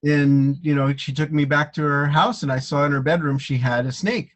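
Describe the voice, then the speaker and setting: A man hosting a casual chat, talking in a reflective, halting way with many restarts. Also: a little high. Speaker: host.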